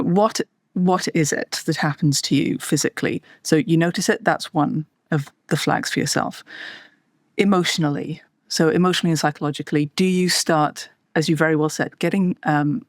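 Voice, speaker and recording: A woman's voice: low-pitched, dry recording, clean studio sound. A woman, a podcast guest, explaining ideas in a thoughtful conversational way with wry, self-deprecating asides.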